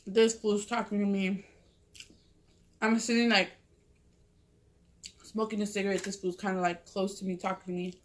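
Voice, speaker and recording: A woman's voice: medium pitch, level tone, moderate pace, pauses often. Profane, rambling woman. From Southern California. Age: 30s. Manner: profane, rambling, lots of "like" fillers. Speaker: mukbang vlogger. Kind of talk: casual storytelling while eating. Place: at home with a cat.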